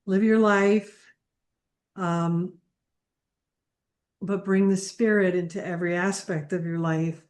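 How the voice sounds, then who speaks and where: Woman, mystic author guest, slow, halting, reflective. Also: lowish voice, darkish tone. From United States. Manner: halting, many fillers. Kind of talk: reflective interview answer.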